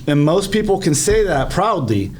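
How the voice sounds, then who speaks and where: Animated, swearing man telling a story. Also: high voice, moderate pace, slight background noise. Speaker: podcast co-host. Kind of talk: casual storytelling chat.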